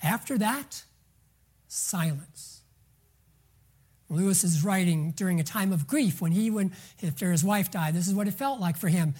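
A woman preaching a sermon, moving between soft, near-whispered lines and loud emphasis, and drawing out words slowly to stress them. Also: fairly low pitch, husky. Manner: slow, drawn-out words for emphasis.

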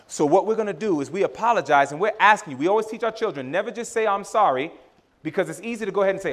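A man's voice: sits high, quick pace. A male preacher giving a sermon to a congregation, acting out family dialogue and calling his listeners brothers and sisters. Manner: animated, laughing, acts out dialogue with his children; addresses audience as brothers and sisters.

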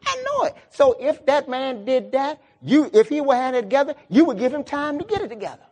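A middle-aged pastor preaches with emotion, repeating himself and building into exclamations. His very high male voice is expressive, fairly quick and a little mellow.

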